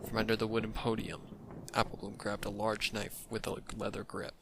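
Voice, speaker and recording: Gravelly-voiced man narrating dark fan fiction. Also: completely flat delivery. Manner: low, measured narration dropping into whispers. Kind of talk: dramatic fan fiction reading. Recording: noisy home recording.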